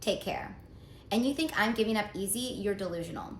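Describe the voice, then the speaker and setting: A woman's voice: medium pitch, lively intonation, fairly quick. A woman telling her own story in a casual storytime monologue, earnest and confiding, reading out text messages as she goes. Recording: roomy echo, faint background noise.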